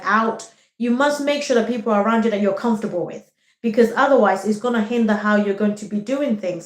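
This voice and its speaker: A woman talking straight to the camera with postpartum advice, reassuring and earnest, often checking in with a quick "okay?". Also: on the high side, darkish tone, echoey room. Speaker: vlogger giving postpartum advice. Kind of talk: direct-to-camera advice talk.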